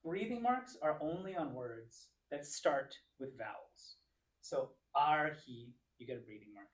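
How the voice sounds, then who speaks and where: Picture a man at the front of a church classroom, walking students through unfamiliar words syllable by syllable. His pitch swings widely and he praises each try. The pace is patient and clear. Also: very animated. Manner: encouraging, sounds out words slowly. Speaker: Bible class teacher. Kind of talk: classroom teaching.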